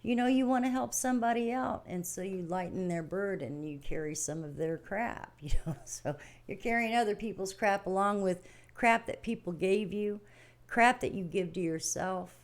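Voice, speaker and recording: On a home livestream setup, an older woman hosts and chats casually about daily stress and spirit, rambling in a folksy way and acting out little scenes. Her voice is mid-range at a normal speed.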